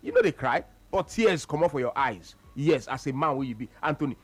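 Animated Nigerian Pidgin-speaking radio host. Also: male voice, fast, hardly any pauses, husky, dry recording. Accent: Nigerian Pidgin English. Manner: animated, repeats phrases for emphasis, swings between low mutters and high exclamations. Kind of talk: casual sports talk radio.

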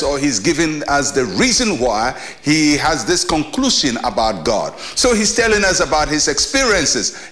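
Male pastor, short sermon, earnest, emphatic, repeats key phrases, voice sits a bit high. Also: fairly bright tone. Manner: earnest, emphatic preaching with repetition and rhetorical questions.

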